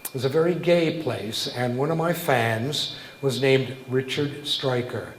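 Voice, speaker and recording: A man's voice: medium pitch, measured pace, a little hiss or hum. Older man, cabaret singer-songwriter, wry anecdotes, conversational, roomy echo, faint ambience. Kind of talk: cabaret storytelling between songs.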